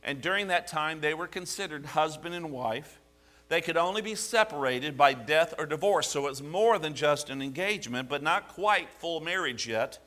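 A man preaching a sermon, animated, asking the congregation rhetorical questions. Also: on the high side, moderate pace. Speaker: pastor.

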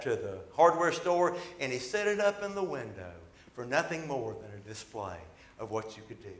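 A man preaching a sermon as pastor, telling a story and swelling loud, then dropping soft. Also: fairly high pitch. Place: church sanctuary. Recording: echoey church hall.

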